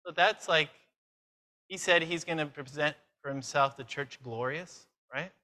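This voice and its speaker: A man preaching a conference sermon, lively and self-mocking, firing questions at the audience. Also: a little high, unhurried. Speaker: conference speaker.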